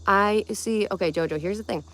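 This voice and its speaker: A woman's voice: mid-range voice, brisk, a bit bright. A young woman from Connecticut hosting a casual livestream, chatting playfully and answering comments one by one. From Connecticut, USA. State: tired. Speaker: livestream host.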